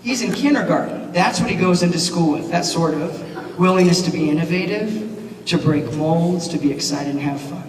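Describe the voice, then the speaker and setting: A man giving a keynote speech at a banquet, animated and asking the audience questions. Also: on the high side, normal speed. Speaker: keynote speaker, teacher. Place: large banquet hall. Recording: echoey hall, mic from far off, noisy.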